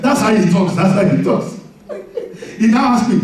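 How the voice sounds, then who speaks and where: A man pastor preaching a sermon in a church hall, animated and often laughing as he calls on the congregation to respond. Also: sits high, a little fast. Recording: very echoey hall, voice from far off.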